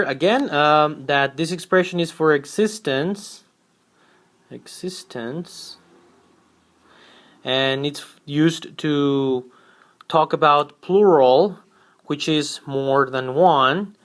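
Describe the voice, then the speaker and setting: A man teaching an English grammar lesson, speaking slowly and repeating each example sentence twice. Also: fairly high pitch, a bit bright.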